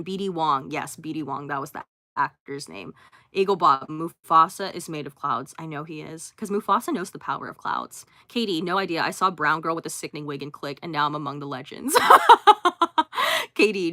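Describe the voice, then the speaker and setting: A young woman chats on a casual phone livestream, reading out viewers' names and replying to each comment in turn. Her voice is bright and a little low-pitched, and the sound is close and dry with no room around it. She talks loosely, with fillers and easy laughs. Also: no room sound. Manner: reads out chat names and answers each briefly, with laughs and fillers. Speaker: livestream host.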